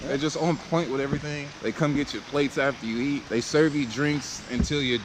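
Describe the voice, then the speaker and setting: Loud music plays behind a young man who chats casually for his vlog, cracking jokes, cursing, and laughing a lot. He speaks briskly in a mid-range voice with fairly even intonation, over background noise.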